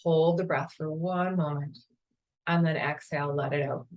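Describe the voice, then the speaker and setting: A woman yoga teacher leading a guided meditation in a slow, calm, soothing way. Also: sits low, low-quality recording. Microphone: camera mic, seated on a chair.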